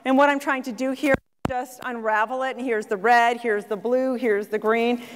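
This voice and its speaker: High-voiced woman telling a story in a hall. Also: normal speed, slight background noise. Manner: animated, acts out quoted voices. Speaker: speaker at a conference. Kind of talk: storytelling talk to an audience. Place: large conference hall. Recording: long hall reverb.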